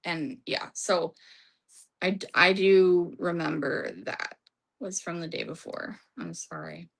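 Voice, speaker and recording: A woman's voice: lowish voice, fairly even intonation, slow pace, gravelly. A woman recapping a court trial in a casual, rambling way, reading from her notes and losing her voice. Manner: rambling, restarts, reads from notes.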